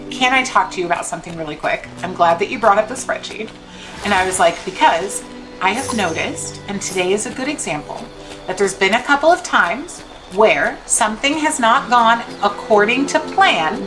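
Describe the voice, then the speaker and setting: A woman's voice: on the high side, poor audio. A young woman streamer telling an exasperated story while she plays a game, now and then swearing. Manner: animated, exasperated venting with swearing. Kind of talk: casual storytelling while gaming. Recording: faint game music behind.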